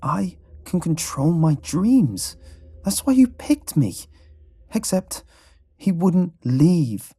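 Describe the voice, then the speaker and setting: A man voicing a frightened young female sleep-study patient who speaks in halting, broken phrases. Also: deep voice, lively intonation, warm tone, breathy edge, dry recording, voice pushed up, exaggerated voice. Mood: whispered intense. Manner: halting, breathless, with broken restarts. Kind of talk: storybook horror narration.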